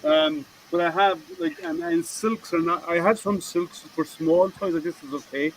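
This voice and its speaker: Man host, casual teasing chatter on a video call, fairly high voice. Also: animated, normal speed, gravelly, a little hiss or hum, low-quality recording. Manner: chatty, teasing, laughs often. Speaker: host of a group video hangout. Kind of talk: casual group chat.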